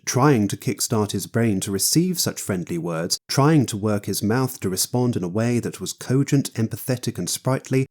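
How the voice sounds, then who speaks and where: A man's voice: on the low side, darkish tone. A man giving scripted audiobook narration as a wry, theatrical storyteller.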